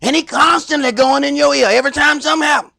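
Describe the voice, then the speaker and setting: A man with a Southern US accent teaching a Sabbath Bible class in a loud, animated sermon style, acting out little skits. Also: very high voice, fast talker, gravelly. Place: congregation hall.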